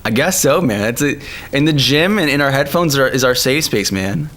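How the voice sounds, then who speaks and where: A man's voice: medium pitch, expressive, moderate pace, a bit bright, a little hiss or hum. A man streaming live and chatting casually, laughing often and calling people man and dude. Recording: faint music behind.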